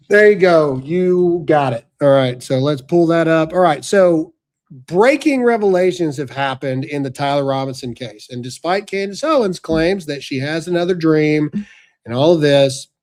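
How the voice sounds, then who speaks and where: A man's voice: fairly high pitch, darkish tone. A man hosting a podcast, talking in a brash, sarcastic, ranting way, including an ad read. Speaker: podcast host. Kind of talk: casual commentary with ad read.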